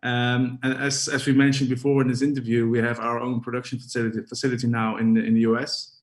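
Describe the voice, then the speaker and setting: A man's voice: medium pitch, flat delivery, fast talker. A man from the Netherlands with a Dutch accent, a podcast guest speaking hesitantly with many fillers. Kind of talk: casual podcast interview.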